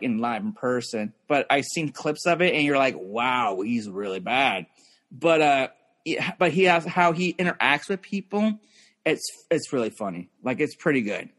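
Young male podcast guest, rambling and loose, voice on the higher side. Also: fairly bright tone. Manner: rambling, filler-heavy, restarts often. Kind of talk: casual chat.

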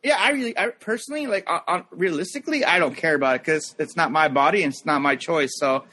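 A man's voice: fairly high pitch, quick pace, pushed and bright, slightly rough. A man in his thirties chatting casually on a podcast, rambling with lots of fillers and mimicking people as he tells stories.

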